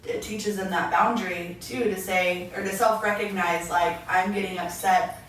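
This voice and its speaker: Quoting her own past words as she tells stories, this podcast co-host, a young adult woman, chats casually and with animation. Her voice is lowish at a normal pace, and the far-off mic picks up an echoey room and faint noise.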